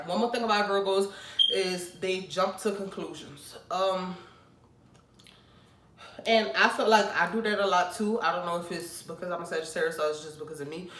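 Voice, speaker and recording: Blunt young woman ranting in a roomy space. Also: fairly low pitch. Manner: blunt, teasing, swings up into loud outbursts. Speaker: vlogger. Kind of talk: casual ranting commentary. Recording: roomy, mic at a distance.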